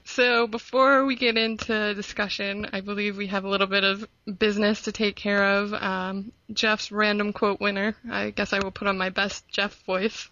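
A woman hosting a podcast in casual chat, bright and forward in tone with a gravelly edge. She giggles easily between lines. The sound is dull and lo-fi. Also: medium pitch, level tone, normal speed, hardly any pauses, no room sound. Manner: giggly, laughs often. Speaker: podcast host.

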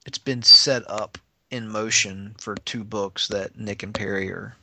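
A man's voice: lowish voice, fairly even intonation, unhurried, bright, forceful tone, no echo. A man co-hosting a podcast in casual chat, laughing often and reading listener responses aloud. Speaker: podcast co-host.

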